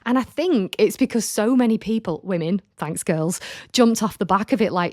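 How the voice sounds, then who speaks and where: A woman's voice: mid-range voice, normal speed, darkish tone, no room sound, studio quality. Sweary woman podcast host. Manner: frank, sweary and jokey. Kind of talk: casual chat reading out comments.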